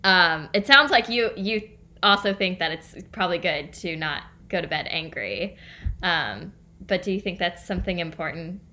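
A woman co-hosting a casual conversation, speaking thoughtfully and hesitantly with frequent pauses to think. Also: on the low side, expressive, sharp tone, slight background noise.

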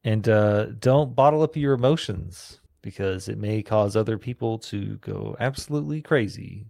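A man co-hosting a podcast in casual chat, sharing trivia in halting bursts. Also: fairly low pitch, creaky, darkish tone, dry recording, clean studio sound. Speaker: podcast co-host.

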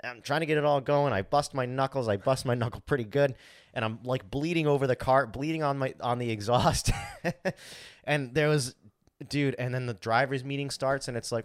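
A medium-pitched man speaking at a moderate pace co-hosts a podcast, recorded at studio quality with no echo. He shares a story casually and animatedly, dramatizing his thoughts, swearing freely and using "like" a lot as filler.

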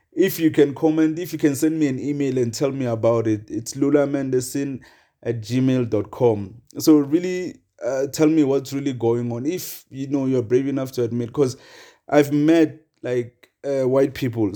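A young man talks loosely into his podcast mic, looping back on himself with "uh" and "like" and chuckling between points. His voice is dark and mellow, and his pitch sits in an ordinary middle range. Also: moderate pace. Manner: rambling, chuckling, many fillers. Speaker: podcast host. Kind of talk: casual solo podcast monologue.

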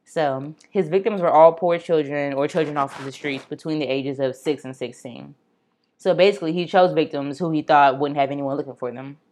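Low-voiced woman hosting a true-crime podcast. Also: brisk, a little mellow. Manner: chatty and blunt, with swearing and asides to listeners. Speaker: podcast host.

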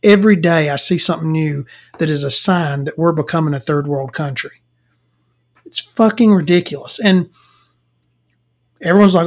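A Southern American woman vlogger rants casually to camera, telling blunt, profane work stories and laughing as she goes. Her voice is low and a little mellow, at a moderate pace broken by long pauses.

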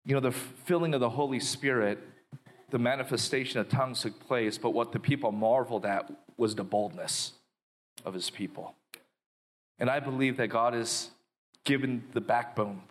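Male guest minister, mid-pitched, animated storyteller who ends in prayer. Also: moderate pace. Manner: animated, quotes his inner dialogue. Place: live podcast before an audience.

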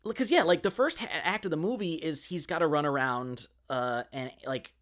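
A man co-hosting a podcast talks casually about a film, dropping plenty of "like" and other fillers. His voice sits fairly high, with a fairly bright tone and a moderate pace.

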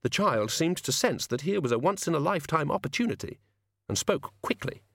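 A man giving a wry, expressive audiobook narration. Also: mid-range voice, brisk, no echo, clean studio sound. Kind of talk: scripted narration.

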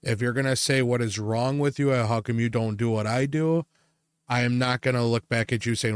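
A man's voice: medium pitch, fairly quick, clean tone, dry recording, studio quality. A man co-hosting a casual podcast, rambling with plenty of fillers and swearing freely. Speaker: podcast co-host.

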